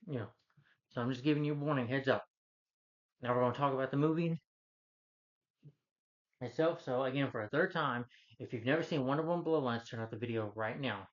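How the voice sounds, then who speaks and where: A man's voice: mid-range voice, a little fast, pauses often. Rambling male movie reviewer, lo-fi sound. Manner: rambling, repetitive plot recap with restarts. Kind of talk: casual spoken film review. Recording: slightly dull, lo-fi recording.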